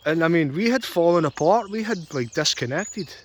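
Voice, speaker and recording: A man's voice: fairly high pitch, lively intonation, moderate pace. A young man ranting angrily and repetitively about a custody dispute, swearing often. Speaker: vlogger. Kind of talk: angry personal rant.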